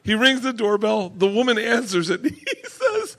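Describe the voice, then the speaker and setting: A man's voice: high voice, sing-song, normal speed, fairly bright tone, slight background noise. A man on a comedy panel, laughing his way through a wild story. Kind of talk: loud storytelling banter.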